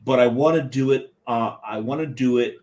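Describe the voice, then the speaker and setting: A man co-hosting a casual podcast, rambling and joking with lots of filler pauses. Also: mid-range voice, darkish tone. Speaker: podcast co-host.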